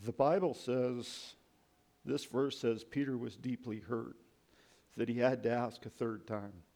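A man's voice: mid-range voice, fairly even intonation, a little slow, warm tone. A man preaching a sermon and reading scripture aloud, reflecting on the passages.

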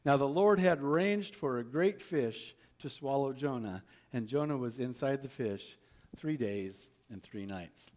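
A man's voice: medium pitch, expressive, unhurried, darkish tone. A man preaching a sermon, reading a Bible story aloud and asking his listeners rhetorical questions.

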